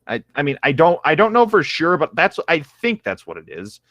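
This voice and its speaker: Male co-host, hedging casual talk, lively intonation, dry. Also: a little high, normal speed, dry recording. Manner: hesitant, hedging explanations. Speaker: podcast co-host. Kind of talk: comedic casual chat.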